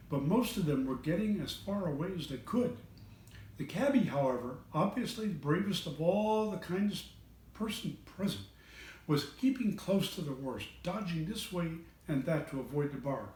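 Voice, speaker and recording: A man reading a children's storybook aloud in an expressive voice, changing voices for the characters. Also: a little high, recorded from a distance. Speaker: reader of children's books. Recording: echoey room, away from the mic.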